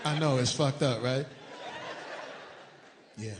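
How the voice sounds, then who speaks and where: A middle-aged man performing a stand-up routine, telling a story with animated swings into a high excited voice. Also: takes it slowly. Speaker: stand-up comedian. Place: large live venue. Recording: echoey hall with loud crowd. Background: audience laughter and noise.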